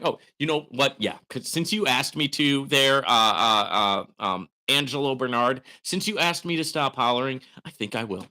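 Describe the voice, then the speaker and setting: A man runs a casual viewer question show in an animated, forceful voice that swings up and down in pitch. He keeps tagging his points with "right?" and breaks into loud hollering bursts. His tone is bright and pushing throughout. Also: normal speed, few pauses. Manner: frequent "right?" tags. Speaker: host. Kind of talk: live Q and A chat.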